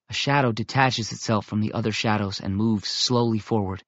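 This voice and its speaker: A man narrating a first-person audiobook in a steady, measured storytelling voice. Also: fairly low pitch, no echo, lo-fi sound.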